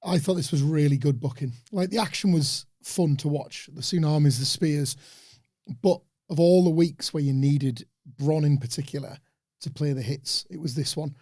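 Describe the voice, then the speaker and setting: A man co-hosting a podcast, giving relaxed, opinionated analysis of a wrestling show. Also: fairly high pitch, moderate pace, no echo, clean studio sound. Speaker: podcast co-host.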